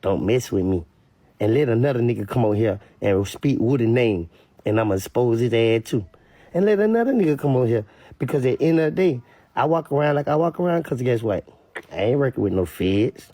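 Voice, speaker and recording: A man rants in casual street commentary, his voice gravelly and husky and his pitch swinging widely as he talks. He repeats himself for emphasis. The recording sounds dry and close. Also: brisk, no room sound. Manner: animated, repetitive, mimics others in high voices.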